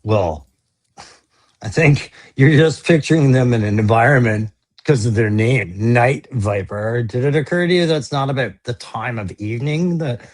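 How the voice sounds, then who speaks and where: A man co-hosting a toy show, arguing mock courtroom cases in an animated, laughing way with theatrical outbursts. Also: mid-range voice, normal speed. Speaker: co-host. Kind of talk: playful mock courtroom banter.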